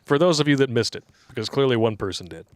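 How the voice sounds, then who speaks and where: A man's voice: mid-range voice, lively intonation, fast. A man co-hosting a casual livestream, reading donor messages aloud and making crude jokes that he laughs at himself. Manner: crude joking, reads tips aloud, laughs at own jokes.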